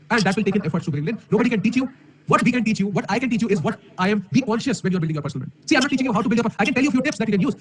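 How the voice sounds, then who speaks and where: Indian English man, coding teacher on a live stream, very fast, fired-up delivery, lots of rhetorical questions. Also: high voice, a little hiss or hum. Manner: energetic, emphatic, rhetorical questions. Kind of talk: live-stream talk to an audience. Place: room alone. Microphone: camera mic.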